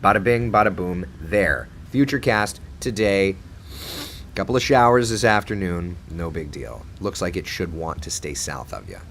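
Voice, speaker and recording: A chatty male TV meteorologist hosts a loose, casual live chat with viewers, playful as he reads their comments aloud. His voice sits fairly low and swings up and down in lively bursts. A faint hum stays under the recording the whole time. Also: normal speed.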